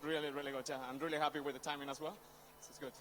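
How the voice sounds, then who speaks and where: A man just finished a triathlon, legs sore, giving short soft-spoken answers outdoors. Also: a little high, flat delivery, racing. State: sore legs after the race. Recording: loud crowd behind.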